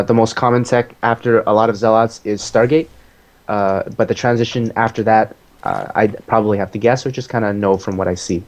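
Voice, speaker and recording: A man casually explaining his own strategy game match as he plays it, relaxed, with many fillers. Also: mid-range voice.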